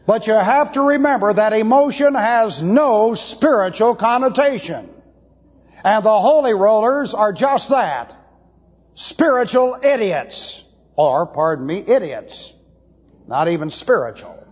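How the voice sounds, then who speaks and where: A man preaching to a Bible class, blunt and opinionated, slowing down to press his points. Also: high voice, expressive, darkish tone, slightly rough. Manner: blunt, opinionated, slows for emphasis. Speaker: pastor teaching a Bible class. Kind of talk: sermon lecture. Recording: dull lo-fi tape in a reverberant hall.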